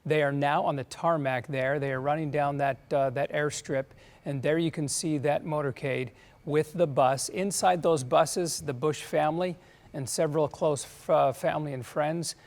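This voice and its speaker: A man's voice: a little high, steady tone, normal speed. A male news anchor giving live, earnest commentary on a broadcast event in a conversational way.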